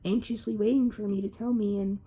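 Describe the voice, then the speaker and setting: A young woman candidly recounting a personal story in a halting, casual way, swearing freely. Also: medium pitch, fairly even intonation, dark tone, slightly rough. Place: Lancaster area.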